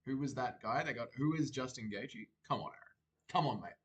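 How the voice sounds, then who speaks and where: A young man hosting a livestream, reading viewers' comments aloud and answering them in a relaxed, chatty way. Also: mid-range voice, a little fast. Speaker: livestream host. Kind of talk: casual chat reacting to live chat.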